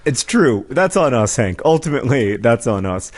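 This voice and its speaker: Speaking through a studio mic with headphones on, this podcast co-host is a man in his forties with a medium-pitched, sing-song voice at normal speed. The chat is casual and comedic, and he rambles self-deprecatingly, full of ums and restarts.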